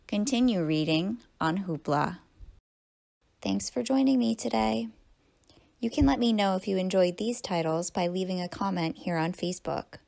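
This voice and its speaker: A woman's voice: fairly low pitch, darkish tone. A woman librarian reading a children's book aloud and then signing off to listeners. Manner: clear, storytelling read-aloud.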